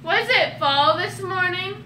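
A woman vlogger in a casual party game, playfully repeating phrases and shouting them loudly. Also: very high voice, slow pace, echoey room, slight background noise.

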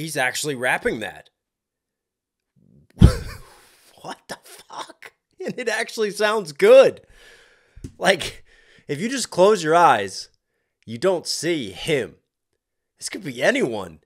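A man hosting a reaction video, talking casually and excitedly over a rap track, laughing and reacting out loud. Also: fairly high pitch, takes it slowly, long pauses.

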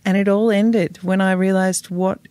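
A woman's voice: mid-range voice, fairly even intonation, moderate pace, dark tone, no echo. A woman, speaking frankly and emotionally as a podcast guest, swearing and laughing now and then. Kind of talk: candid podcast interview.

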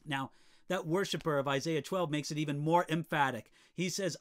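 A man as pastor giving a devotional teaching, earnest and emphatic, slowing down to stress key phrases. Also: a little high.

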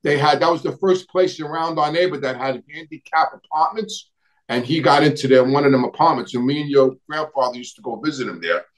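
A middle-aged man tells long stories in a loose, rambling way. He keeps restarting his sentences, trails off, and pauses to dig for names. His speaking voice sits a little on the high side. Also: low-quality recording. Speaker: guest recounting family history. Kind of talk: casual storytelling conversation.

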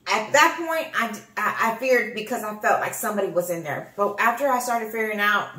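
A woman from Texas in her forties, co-hosting a family channel and telling a ghost story in casual chat, animated and repeating herself. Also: medium pitch, a little fast. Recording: echoey room.

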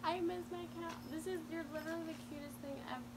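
A woman's voice: very high voice, steady tone, fast talker. Gushing young woman unboxing gifts. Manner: gushing, emotional, swears, exclaims often. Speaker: vlogger. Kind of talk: excited unboxing chat. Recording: loud background noise.

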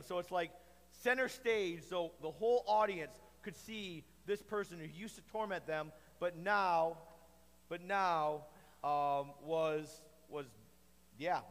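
Brief: high-pitched male kids' church teacher, playful storyteller, echoey hall sound. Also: a little slow. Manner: playful, animated, asks the kids questions. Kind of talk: kids' Bible lesson.

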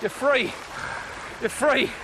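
A man's voice: very high voice, steady tone, takes it slowly, background noise. An Australian man hosting a fishing show from a boat, exclaiming and laughing as he commentates. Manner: exclaiming, laughing, calls his mate an idiot. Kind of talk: excited on-camera fishing commentary. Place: outdoors on a boat at sea. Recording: old TV footage with loud music. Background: loud music, boat.

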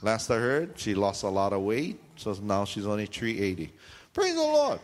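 A man preaching a sermon, telling a funny story and jumping into high squealing voices for the people in it. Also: normal speed. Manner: animated, jumps into high squealing voices for the people in his stories.

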